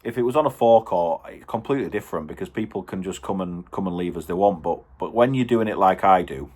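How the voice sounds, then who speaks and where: Husky bloke ranting to camera. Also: male voice, low-pitched, fast. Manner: exasperated, animated, acts out quotes. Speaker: home car dealer vlogger.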